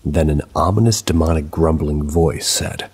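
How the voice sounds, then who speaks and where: A man calmly narrating a true paranormal story in a steady storytelling manner. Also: extremely low pitch, normal speed, breathy edge. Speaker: narrator of submitted paranormal stories.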